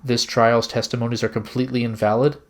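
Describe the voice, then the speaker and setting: A man voicing a serious, measured male prosecutor in a game, speaking slowly and thoughtfully. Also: medium pitch, flat delivery, faint music behind, close to an everyday voice.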